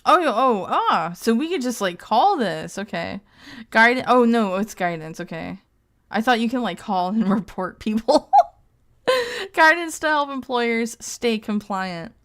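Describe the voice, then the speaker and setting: Smooth-voiced woman streamer, crude joking asides. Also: on the high side, very animated, unhurried, a bit bright. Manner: reads aloud and reacts with crude, joking asides; laughs often. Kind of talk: casual live-stream commentary.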